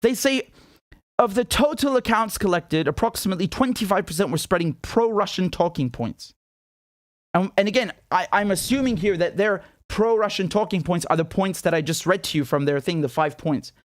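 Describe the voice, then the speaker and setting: British male commentator, high-pitched, dry close mic, indignant and incredulous, stumbles and repeats. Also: lively intonation, moderate pace, dry recording. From Britain. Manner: incredulous, indignant, repeats words and restarts often. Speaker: political commentator. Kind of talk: solo commentary.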